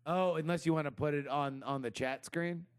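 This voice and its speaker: A man's voice: a little high, steady tone, normal speed, clear, resonant tone. A man co-hosting a podcast in casual banter, rambling, swearing and laughing often. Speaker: podcast co-host.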